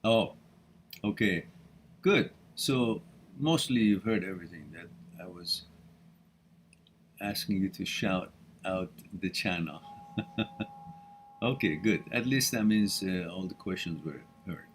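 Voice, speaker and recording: A man's voice: sits low, animated, slow pace, pauses often, slight background noise. Blunt man hosting a live Q&A. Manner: blunt, frank, swears casually, laughs often. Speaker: host answering viewer questions. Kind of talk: live-stream Q&A.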